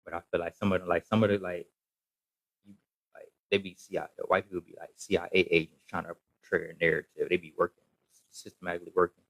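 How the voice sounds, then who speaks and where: A man's voice: low voice, flat delivery, fast talker, creaky, a bit bright, dry recording, low-quality recording. A man ranting casually to camera in a rambling, repetitive, emphatic way. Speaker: social media commentator.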